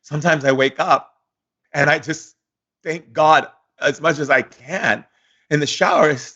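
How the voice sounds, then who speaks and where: A man's voice: a little high, unhurried, a bit bright, dull audio. A man giving a motivational spiritual talk as a shamanic teacher, emphatic and repetitive like a preacher, openly emotional. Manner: emotional, effusive.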